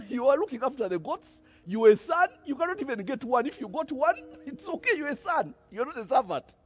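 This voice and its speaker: A man preaching a sermon, animated, with many rhetorical questions and a habit of tagging "eh?". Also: extremely high pitch, a little fast, slightly rough, dull audio.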